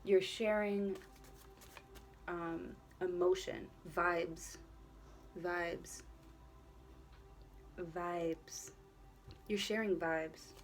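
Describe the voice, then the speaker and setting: A woman's voice: fairly low pitch, fairly even intonation, extremely slow, long pauses. Chatty woman giving a tarot reading. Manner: rambling, repeats herself, leans on "you know", swears freely; encouraging, earnest, speaks straight to the viewer. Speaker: tarot reader. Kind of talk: casual tarot reading to camera.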